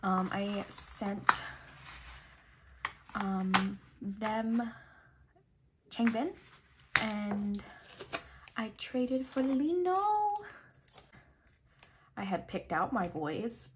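A young woman with a nasal voice, chatting casually while unboxing her mail, excitable, gushing and swearing freely. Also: medium pitch, drawn-out words, pauses often, background noise. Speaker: kpop photocard collector vlogger.

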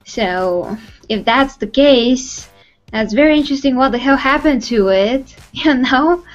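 Halting woman co-hosting a movie chat. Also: high-pitched, animated. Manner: halting, searches for words, many fillers. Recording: muffled lo-fi sound with faint music.

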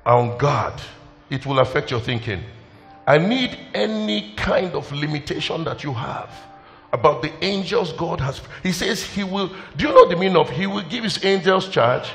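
Emotional pastor preaching. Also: male voice, on the high side, vocal fry, a bit bright. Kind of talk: sermon. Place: church hall. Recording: long hall reverb, faint music.

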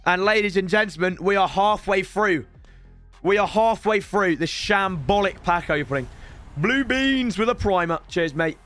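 Soft background music plays while a young man streams a pack opening at a normal speed. His slightly hoarse voice sits high, and his excitable talk swings between yelling and grumbling.

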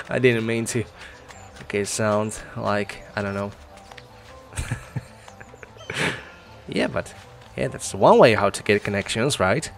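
A man's voice: on the low side, lively intonation, takes it slowly, creaky, long pauses, soft background music. A man hosting a casual let's-play, chatting, thinking aloud and laughing often as he plays. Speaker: gaming channel host.

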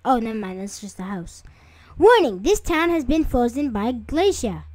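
A young woman with a fairly high voice gives casual commentary over her own gameplay. She chats to her viewers, rambles, and breaks into startled squeals at sudden scares. The sound is dry and close, with no room around it. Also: big pitch swings, moderate pace, darkish tone, no echo. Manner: chatty, jumpy, easily startled, with sudden squeals. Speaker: gaming video creator. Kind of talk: casual let's-play commentary.

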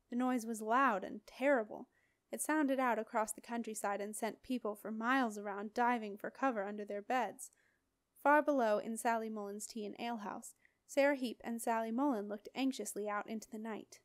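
Expressive woman reading an audiobook. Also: on the high side, normal speed, no room sound, clean studio sound. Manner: expressive, dramatic storytelling. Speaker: audiobook reader. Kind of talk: audiobook narration.

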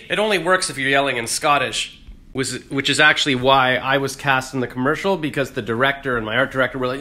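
A man's voice: medium pitch, fast talker, pushed and bright. A man rambling through a jokey, self-deprecating casual vlog. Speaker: vlogger.

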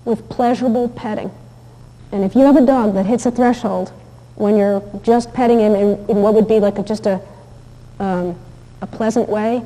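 A woman with a fairly high voice lectures about dog behavior. She speaks in a chatty, anecdotal way, full of fillers and restarts. Her voice rings with the long reverb of a large hall. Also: dark tone. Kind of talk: recorded lecture with video clips.

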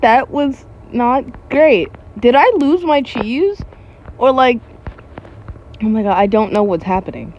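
A woman's voice: a little high, expressive, takes it slowly, dull audio, a little hiss or hum. A woman YouTuber giving casual gameplay commentary, jumpy and giggly with frequent startled exclamations.

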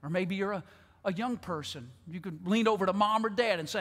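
A man preaching an altar call to a large church, pleading, repeating words, and swinging from loud appeals to hushed tones. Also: high-pitched, normal speed. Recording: long church hall reverb.

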